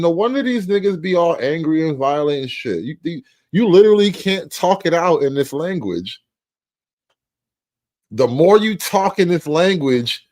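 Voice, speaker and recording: A man hosting a comedy commentary show, profane and mocking, stretching out names slowly. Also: high voice, darkish tone.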